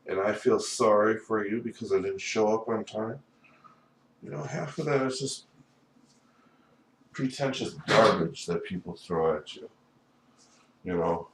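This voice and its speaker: A man talking in a rambling, profane solo monologue, often filling with "you know". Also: fairly low pitch. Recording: echoey room, voice far from mic, faint background noise.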